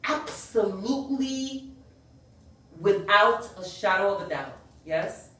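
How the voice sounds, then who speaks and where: A woman's voice: mid-range voice, animated, slow pace, bright, forceful tone. A woman giving a spiritual lecture to a group, earnest, often checking in with "yes?" and "you know". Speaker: spiritual teacher. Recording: very echoey room, far from the mic.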